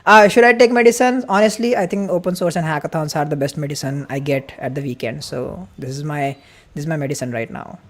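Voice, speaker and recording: A man hosting a live-streamed event welcome. He talks quickly and excitedly, greets viewers from the chat, and chats freely. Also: fairly high pitch. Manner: excited, fast-talking, chatty. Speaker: livestream host.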